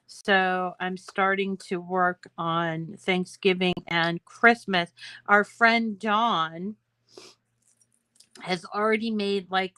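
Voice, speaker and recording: A woman's voice: medium pitch, fairly bright tone, no room sound, rough recording. An older woman hosting a crafting video, chatting in a rambling, self-deprecating way while she works. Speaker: crafting channel host. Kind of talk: casual crafting tutorial chat.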